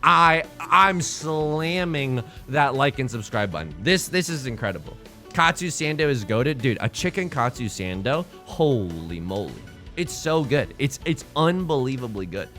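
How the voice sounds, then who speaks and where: A young man live-streaming a tile game, bantering with chat in a rambling, jokey way and swinging between shouts and mutters. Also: medium pitch, big pitch swings, a little slow, soft background music.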